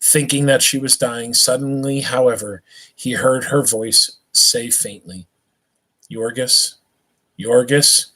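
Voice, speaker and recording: A man reading a novel aloud on a live stream, at an unhurried pace, stumbling and restarting now and then and stopping for small asides to his listeners. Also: mid-range voice, fairly even intonation, pushed and bright, low-quality recording. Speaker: reader.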